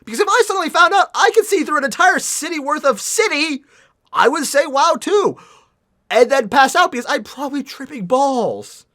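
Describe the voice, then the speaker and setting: This livestreamer has a high, pushed, bright voice with big pitch swings and a moderate pace. They read a novel aloud while mocking it in sarcastic, irritated asides, cursing freely and sighing often between passages.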